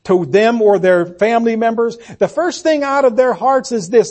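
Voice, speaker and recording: A man preaching a sermon. He asks the congregation rhetorical questions and swings between loud emphasis and hushed delivery. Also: extremely high pitch, moderate pace, few pauses.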